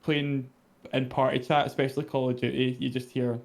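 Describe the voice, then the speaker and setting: A man with a Scottish accent, chatting casually as a co-host, relaxed and quick to laugh, often trailing off mid-sentence. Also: mid-range voice, gravelly. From Scotland. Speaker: podcast co-host. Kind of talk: casual chat.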